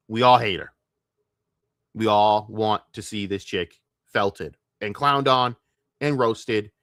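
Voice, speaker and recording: A man streaming, reacting to clips with profane, mocking rants, swinging between loud outbursts and low muttering. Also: no echo, clean studio sound. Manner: shifts between shouting and muttering.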